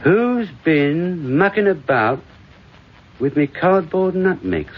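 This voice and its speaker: An actor playing a drunk, bitter, washed-up middle-aged comedian in a stage monologue, rambling and sardonic, swinging from mutters to outbursts. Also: male voice, on the high side, very animated, slow pace, heavily acted. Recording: dull lo-fi recording.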